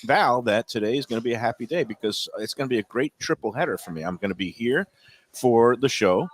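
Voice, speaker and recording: A man hosting a show on location at a restaurant, chatting casually and telling stories with animated energy. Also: medium pitch, a little fast. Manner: chatty storyteller, animated when excited. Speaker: show host. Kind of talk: casual chat.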